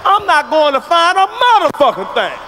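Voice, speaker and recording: A middle-aged man from the United States doing a loud, profane stand-up comedy routine on stage, telling punchy stories. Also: very high voice, huge pitch swings, moderate pace, slight background noise. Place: stage before a live audience.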